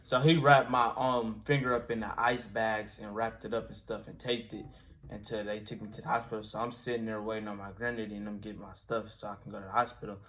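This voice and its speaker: A young man telling a casual story, animated and slangy, acting out his own screams. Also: fairly low pitch, fast talker.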